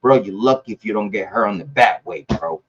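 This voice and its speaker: A man's voice: fairly low pitch, a little fast. A man from Ohio giving an angry, profane rant to the camera as a YouTube commentator, often stumbling and repeating words. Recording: dull lo-fi audio.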